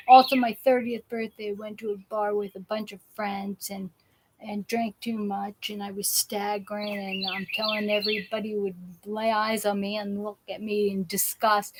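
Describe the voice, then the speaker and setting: A woman with a medium-pitched voice hosts a live patient show, a casual live-stream chat where she rambles with many fillers and restarts. She's from South Jersey, and there is background noise in the recording.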